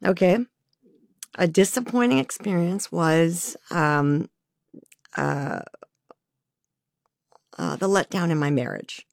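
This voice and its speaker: A woman's voice: fairly low pitch, takes it slowly, vocal fry, long pauses, no echo, clean studio sound. A woman being interviewed, speaking frankly and reflectively about her own life in a candid conversation. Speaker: interview guest.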